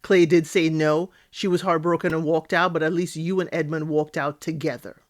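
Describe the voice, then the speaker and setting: A woman talks through a reality TV recap in a lively, opinionated way, throwing in sassy asides. Her voice sits a little low. The sound is close and dry, with almost no room echo. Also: normal speed. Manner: animated, outspoken, sassy asides. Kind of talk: casual recap commentary.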